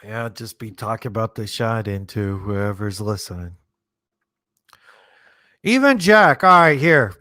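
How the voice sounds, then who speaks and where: A man's voice: on the low side, lively intonation, a little slow, long pauses, pushed and bright, no echo, clean studio sound. A man casually commenting on a movie as a streamer, laid-back and rambling, thinking aloud with lots of fillers. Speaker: streamer hosting a movie watchalong.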